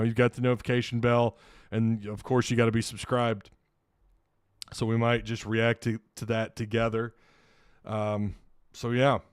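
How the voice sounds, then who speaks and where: A man's voice: medium pitch, clear, resonant tone, dry recording. A man hosting a casual sports livestream from his home studio, rambling and getting flustered over tech trouble. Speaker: sports podcast host.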